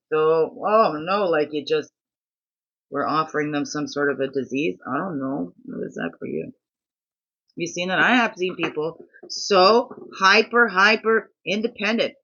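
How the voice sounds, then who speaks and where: A man's voice: high-pitched, muffled recording. A tired man hosting a daily reflection video, musing and asking many questions in a rambling, personal way. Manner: musing, asks many questions, quotes others in animated voices.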